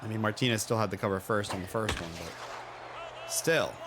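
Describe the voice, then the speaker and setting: A man's voice: lowish voice, normal speed. Joking male game commentator, noisy recording. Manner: chatty, joking play-by-play with excited outbursts. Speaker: play-by-play commentator. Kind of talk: casual video game commentary.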